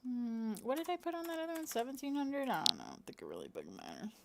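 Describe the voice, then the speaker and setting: A woman's voice: high voice, wildly swooping pitch, quick pace, vocal fry, background noise. Rambling middle-aged woman talking to herself. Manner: rambling and self-talking, with many fillers. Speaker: content creator. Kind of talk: casual chat while working on a computer. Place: at home, with her cat nearby.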